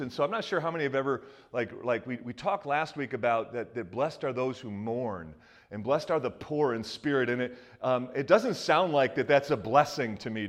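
Joking, conversational middle-aged preacher. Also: male voice, mid-range voice. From US Northeast. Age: 50s. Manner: conversational, joking, with many restarts and asides. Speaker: pastor. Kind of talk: sermon.

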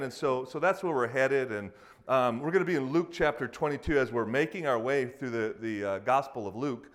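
A man preaching a sermon to a congregation, speaking casually and acting out quoted voices with lively emphasis. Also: medium pitch, a little fast. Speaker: pastor.

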